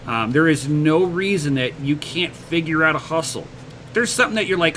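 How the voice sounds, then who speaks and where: A man hosting a casual livestream, reading viewer comments and answering them with blunt, profane motivational advice. His voice is bright and sits a bit high. He often stumbles over repeated words, and a faint air-conditioning hum runs underneath. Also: lively intonation, normal speed. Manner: motivational, swears casually, repeats words when starting sentences. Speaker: livestream host.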